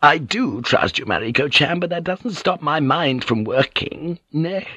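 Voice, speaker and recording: A man reading a shrewd older court lady who speaks softly, confiding and probing. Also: medium pitch, moderate pace, breathy edge, dry recording, voice pushed up. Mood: hushed.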